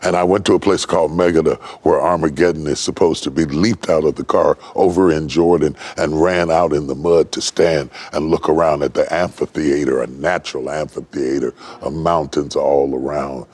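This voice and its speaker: An older man from West Virginia preaching a sermon, building from low, slow telling to high, ringing shouts. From West Virginia, United States. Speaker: pastor.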